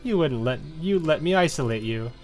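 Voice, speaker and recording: Guy doing a mocking girl villain from a game, pitched up, swings a lot. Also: expressive, moderate pace, faint music behind, natural voice. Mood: gloating. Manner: mocking, taunting, gloating. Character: sneering scheming girl villain, cruel and gloating.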